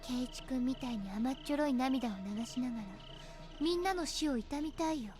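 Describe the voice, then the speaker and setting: A voice actress playing an eerily calm teenage girl in a game, speaking softly and sometimes dropping to a whisper. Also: high voice, very fast, faint music behind, close to an everyday voice. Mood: eerie calm. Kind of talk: Japanese game voice acting.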